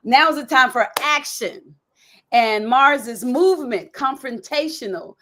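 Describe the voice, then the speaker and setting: A woman hosting a podcast, talking in a lively, enthusiastic and emphatic way. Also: high-pitched, measured pace, a little hiss or hum. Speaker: podcast host. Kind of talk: casual interview talk.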